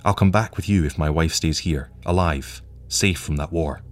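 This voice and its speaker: A tense young husband on the run speaks earnestly and with quiet resolve in a very deep voice, as a man plays him. Faint music plays behind. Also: moderate pace.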